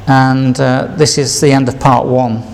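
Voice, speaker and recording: Gravelly older man telling his testimony. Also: mid-range voice, flat delivery, unhurried, slight background noise. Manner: rambling, repeats himself, chuckles between stories. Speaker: speaker sharing his testimony. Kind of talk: personal testimony storytelling.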